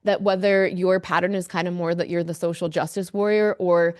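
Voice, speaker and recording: A woman on a podcast speaks a little low, with an earnest, emphatic way of telling her story and plenty of fillers. The sound is dry and close, with no room around her. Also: fairly even intonation, brisk, darkish tone, no echo. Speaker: podcast guest. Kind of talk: candid podcast conversation.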